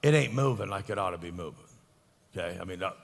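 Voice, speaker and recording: A man's voice: low voice, animated, fast, gravelly. A man with an American accent hosting a conference, making rambling, folksy announcements and introducing the next speaker. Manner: rambling, folksy, says "ain't". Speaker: event host. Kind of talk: casual announcements. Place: large conference hall. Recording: echoey hall reverb.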